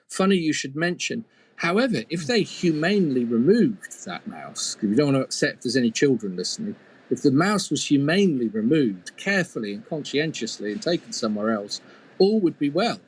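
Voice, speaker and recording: A man's voice: mid-range voice, very animated, fairly quick, breathy edge, dry recording. A man telling a folk tale as a storyteller, playful, with humorous asides. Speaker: storyteller and mythologist.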